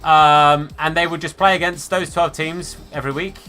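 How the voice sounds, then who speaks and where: A man's voice: on the high side, fairly even intonation, moderate pace, bright, forceful tone, soft background music. A man live-streaming a football game, chatting casually and answering viewers by name, calling them mate and fella.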